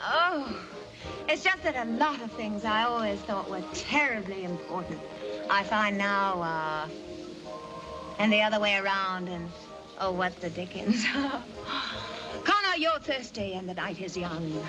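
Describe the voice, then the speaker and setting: A woman's voice: mid-range voice, expressive, measured pace, natural voice, poor audio. An actress playing a spirited young society woman in a 1940s film, with a clipped mid-Atlantic accent. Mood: breezy. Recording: old film soundtrack with music.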